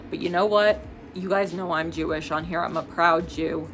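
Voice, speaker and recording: A woman's voice: lowish voice, steady tone, moderate pace, background noise. Angry woman vlogger, ranting and swearing. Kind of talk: casual get-ready-with-me chat.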